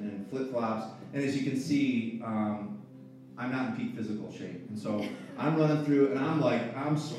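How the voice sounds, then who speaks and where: A man in his thirties, a pastor, telling a personal story in a sermon with earnest emotion and halting restarts. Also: medium pitch, darkish tone. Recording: echoey hall, voice far from the mic, faint music.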